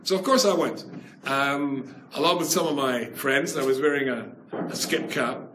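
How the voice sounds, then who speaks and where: A rabbi giving an animated Torah class, telling stories and using Hebrew and Yiddish terms with emphasis. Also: male voice, mid-range voice, normal speed. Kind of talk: Torah class, storytelling lecture. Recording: echoey room with faint noise.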